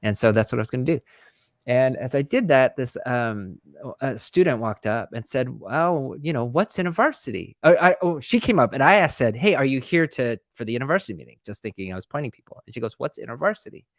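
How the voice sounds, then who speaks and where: Brief: male guest speaker, casual and lively, voices the people in his story, dry close sound. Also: fairly quick, no room sound. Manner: animated, acts out dialogue with pitch jumps; many fillers and restarts. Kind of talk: conversational webinar storytelling.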